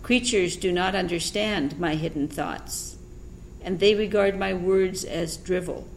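A woman reading aloud from a translated text in a measured, even way for a class. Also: fairly low pitch. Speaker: reader of the text. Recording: roomy echo, faint noise.

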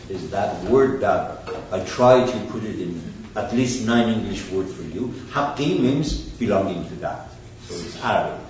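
Man in a roomy classroom. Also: on the low side. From Iran. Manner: playful, laughing, learning students' names. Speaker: teacher. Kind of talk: classroom talk with poetry recitation. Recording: echoey room from far off, with noise.

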